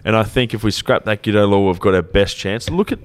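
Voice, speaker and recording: A man's voice: lowish voice, a little fast, dry recording. An Australian man co-hosting a podcast in casual, blunt, joking banter with plenty of swearing. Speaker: podcast co-host.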